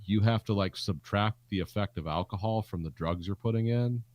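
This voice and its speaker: Middle-aged man, casual podcast co-host, jokey, rambling, lowish voice, dry close sound. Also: brisk, darkish tone, dry recording. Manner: rambling, jokey storyteller with many fillers. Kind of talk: casual film podcast chat.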